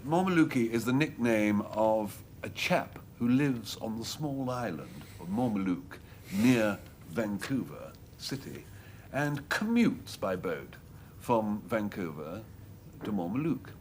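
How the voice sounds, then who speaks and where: A man's voice: fairly low pitch, darkish tone, slight background noise. A man captaining a panel game team, talking in a hesitant, amused way.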